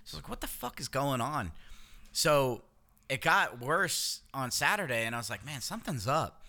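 Man, podcast co-host, bright tone, loose profane storyteller. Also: mid-range voice, moderate pace. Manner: swearing, animated storytelling with acted-out quotes. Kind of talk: casual chat.

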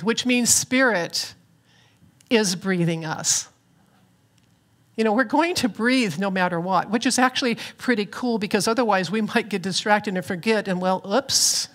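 A woman's voice: medium pitch, a bit bright. A woman minister giving a reflective, earnest sermon with touches of light humor, speaking from a church platform. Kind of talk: spiritual sermon.

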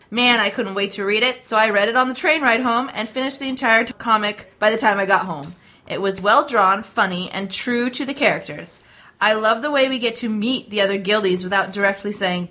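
A woman co-hosting a podcast, chatting casually and reading listener emails in a bubbly, excitable way with frequent laughter. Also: medium pitch. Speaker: podcast co-host.

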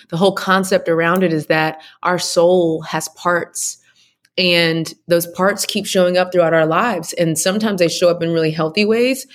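A woman from Texas speaking as a podcast guest, an animated, expressive storyteller. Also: on the low side. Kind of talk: casual interview chat.

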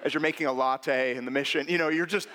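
A man's voice: a little high, fast, long reverb tail, very noisy. A man preaching a sermon, telling personal stories and acting out the voices of people he quotes. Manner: animated, acts out quoted voices. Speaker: pastor.

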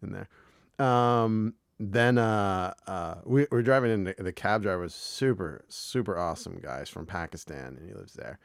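A man's voice: sits low, normal speed, creaky, no room sound, clean studio sound. An American man co-hosting a podcast, chatting casually in a rambling way with lots of swearing and restarts. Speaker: podcast co-host. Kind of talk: casual chat.

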